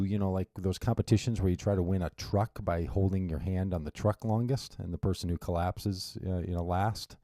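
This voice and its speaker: Guy hosting his own radio show solo, really low voice, rambly and chatty w/ dry jokes. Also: mellow, dry recording. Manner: chatty and rambling, with wry asides and frequent restarts. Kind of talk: casual solo radio monologue.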